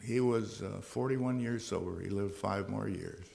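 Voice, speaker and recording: A man's voice: on the low side, unhurried, gravelly, a little mellow. A middle-aged man telling his personal recovery story from a podium, earnest and at times wry. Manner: earnest storytelling with dry humor. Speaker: recovery meeting speaker.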